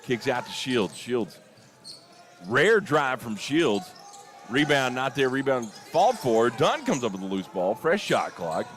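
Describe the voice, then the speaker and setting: A young man calling a basketball game play-by-play, openly partisan and quick to get worked up over big plays and missed calls. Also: mid-range voice. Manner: excitable, rises sharply on big plays and disputed calls; openly partisan, admits getting emotional. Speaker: play-by-play announcer. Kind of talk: live basketball commentary.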